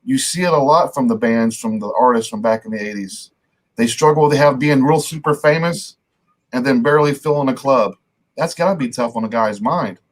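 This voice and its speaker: A middle-aged man hosts a casual rock podcast, chatting loosely and swearing now and then. His mid-range voice runs a little fast.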